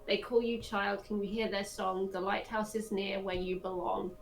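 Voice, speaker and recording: A woman voicing her young adventurer character, softly reciting a calling song. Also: medium pitch, level tone, moderate pace, vocal fry, faint music behind, lightly acted, rough recording.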